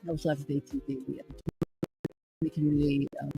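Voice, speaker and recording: Gravelly-voiced upbeat woman livestream host. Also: sits low, level tone, fast talker, music in the background. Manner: upbeat, repetitive, preachy encouragement. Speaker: host and radio traffic reporter. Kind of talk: motivational livestream talk. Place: home room in the evening.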